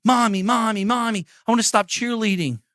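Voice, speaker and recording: A man playing a whining young girl who pleads and talks back to her mother. The voice is raised and bright, a little above the man's normal range. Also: high voice, a little fast, no room sound, studio quality, pitched above the performer's own voice. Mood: whiny. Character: complaining young girl talking back to mom.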